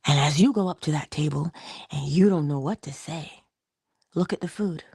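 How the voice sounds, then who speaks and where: A woman giving a conversational motivational talk, coaching her listener and dropping into soft whispers for emphasis. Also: sits low, normal speed, gravelly, slightly rough, no room sound, studio quality. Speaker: inspirational speaker.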